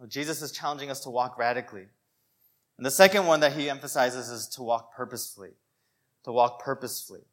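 A man preaching a sermon in a conversational, animated way, full of "you know" and "like". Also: mid-range voice, fast.

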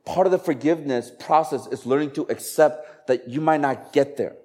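A man's voice: fairly high pitch, normal speed, warm tone. A man preaching a sermon in a conversational style, asking the congregation rhetorical questions. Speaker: pastor.

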